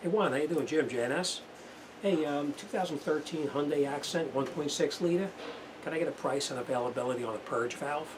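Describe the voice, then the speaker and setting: A man's voice: fairly high pitch, a little fast. A middle-aged man, an auto mechanic, giving a plainspoken, chatty how-to demonstration in his repair shop. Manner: plainspoken, chatty, uses fillers. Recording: noisy shop background.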